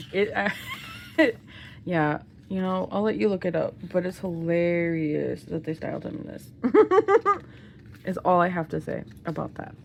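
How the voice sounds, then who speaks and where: In a laid-back unboxing vlog, a giddy young woman opens albums, gushing excitedly and frequently breaking into laughter. She speaks with a lowish voice and vocal fry, and a slight hiss or hum runs through the recording.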